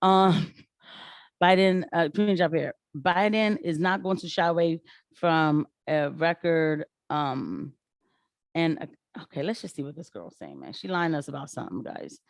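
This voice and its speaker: A woman giving casual political commentary on her channel, animated and rising in pitch when she gets riled. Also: a little slow, dry recording, studio quality.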